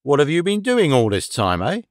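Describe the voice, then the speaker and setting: A man's voice: fairly high pitch, wildly swooping pitch, normal speed, dry recording, studio quality. A man voicing a blunt, proud police inspector in an audiobook reading.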